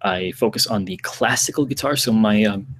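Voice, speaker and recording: A man's voice: on the low side, normal speed, a bit bright, a little hiss or hum. An American man in his twenties, a guest on a livestream call, talking in a hesitant, self-deprecating way with many ums and restarts. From United States. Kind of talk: casual livestream chat.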